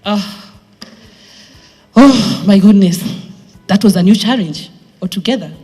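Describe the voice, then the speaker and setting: A Kenyan woman telling a live audience her career story, animated, mixing Swahili into her English and acting out what people said. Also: mid-range voice, a little slow, slightly rough, long reverb tail, soft background music.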